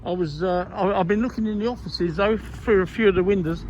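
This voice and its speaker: A man's voice: sits high, brisk, darkish tone. A man filming outdoors on an industrial estate, making wry, chatty asides into a handheld camera mic. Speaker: vlogger filming in public. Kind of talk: casual running commentary. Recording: dull lo-fi sound, clear street noise.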